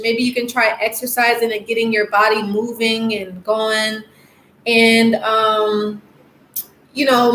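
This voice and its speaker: Woman life coach on a live stream, rambly, lots of ums, kinda high voice, echoey room. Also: a bit bright. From United States. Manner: rambling, lots of fillers, laughs often. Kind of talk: casual live-stream chat reading viewer comments. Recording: echoey room with faint noise.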